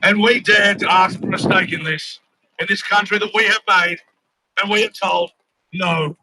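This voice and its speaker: A man's voice: high voice, fairly even intonation, moderate pace, background noise. An Australian man giving a grand, rhetorical rally speech outdoors, building on repeated phrases. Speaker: rally speaker and chant leader.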